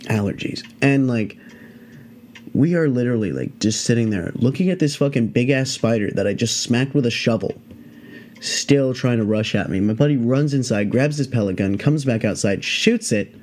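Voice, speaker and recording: A podcast host tells his listeners a story in loose, casual speech, rambling along with plenty of fillers and free swearing. His ordinary medium-pitched voice has a darkish tone and animated delivery at normal speed.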